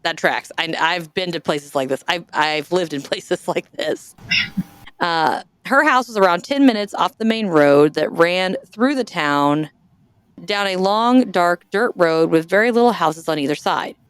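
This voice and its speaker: Woman podcast host, chatty and self-mocking, smooth voice, dry close mic. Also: on the low side, expressive, unhurried, dry recording. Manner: chatty, jokey, self-deprecating, trails off and restarts. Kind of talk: casual chat, reading listener stories aloud.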